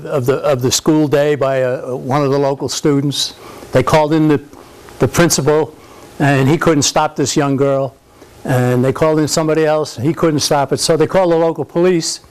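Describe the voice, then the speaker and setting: A man's voice: on the high side, a little mellow, clear, resonant tone, low-quality recording. Older man giving a rambling talk. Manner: rambling, conversational, frequent restarts and fillers. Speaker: speaker at a political society event. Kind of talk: informal speech to a live audience. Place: country club function room.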